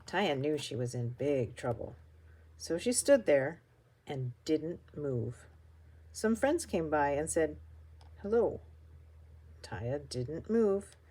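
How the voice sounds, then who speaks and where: An older woman reading a children's picture book aloud with expressive, animated storytelling. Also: low voice, slightly rough. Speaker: storybook reader.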